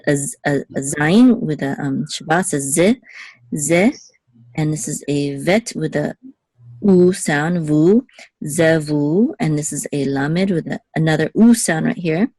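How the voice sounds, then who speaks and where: A woman's voice: deep voice, unhurried, a little mellow, no echo. A young adult woman giving a patient one-on-one Hebrew lesson, checking in often with "okay". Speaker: Hebrew teacher.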